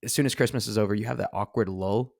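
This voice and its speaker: A man's voice: on the low side, fairly even intonation, quick pace, vocal fry, darkish tone, dry recording, studio quality. A man co-hosting a casual podcast, rambling with lots of filler words and restarts. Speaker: podcast co-host. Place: studio seated across from co-host.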